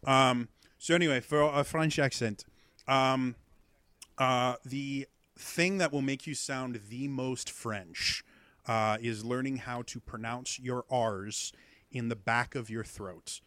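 A man's voice: mid-range voice, steady tone, slow pace, pushed and bright, dry recording. Chatty man with a dry, close sound. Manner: rambling explanations full of ums and uhs. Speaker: podcast guest teaching accents. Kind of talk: casual podcast chat.

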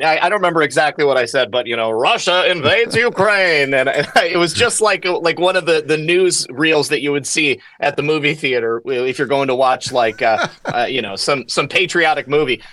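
Bright-voiced man laughing through casual chat. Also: medium pitch, a little fast, few pauses, dry recording. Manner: animated, laughs a lot, repeats words. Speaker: guest. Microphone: phone.

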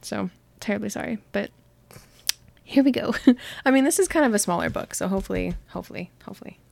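Fast-talking giggly young Californian woman. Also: medium pitch, vocal fry, no room sound. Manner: talks fast, giggly, lots of "like". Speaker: podcast co-host. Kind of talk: casual chat, reading book descriptions.

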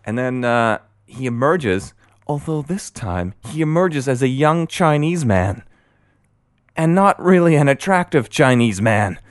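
A young man hosting a solo podcast, rambling and excitable with many fillers, and a bit out of breath. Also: mid-range voice, unhurried, no room sound, studio quality. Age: young adult. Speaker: podcast host.

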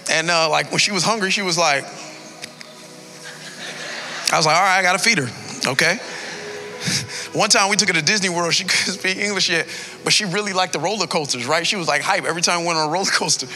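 A man's voice: high voice, a little fast, pauses often, pushed and bright, soft background music. A man in his thirties, a pastor telling a personal story in a sermon, emotional and building to a preaching cadence.

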